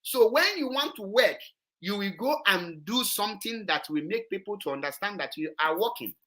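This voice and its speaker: A woman's voice: mid-range voice, expressive, normal speed, a bit bright. A woman, hosting an online show and commenting on a played clip, emphatic and repetitive. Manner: emphatic, repetitive, switches into Igbo.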